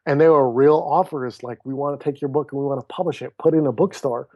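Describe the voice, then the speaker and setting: A man in his thirties speaks fast in a mid-range voice, with a lo-fi sound and no echo. He's an author and speaker guesting on a podcast, sharing his story casually and acting out the quoted dialogue with animation.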